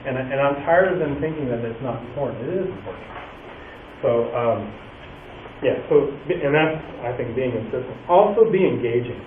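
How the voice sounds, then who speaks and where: A man who is a music teacher, giving a lively talk to other teachers and acting out little stories. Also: mid-range voice, normal speed, a little hiss or hum. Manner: animated storyteller, acts out quotes. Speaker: music teacher speaking at a workshop. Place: hall or classroom at a workshop. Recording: far, echoey, tinny room recording.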